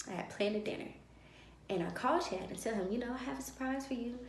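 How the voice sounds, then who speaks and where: A woman vlogger telling a personal story in a lively way and acting out the dialogue of others. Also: fairly high pitch, fast, a little hiss or hum. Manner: animated, acts out dialogue. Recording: roomy echo.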